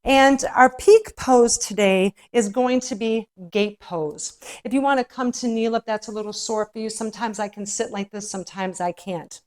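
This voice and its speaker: A woman's voice: a little high, normal speed, few pauses, darkish tone. Encouraging woman yoga instructor, slightly breathless. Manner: soothing, encouraging, spiritual phrasing with frequent "right?". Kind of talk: guided yoga class instruction.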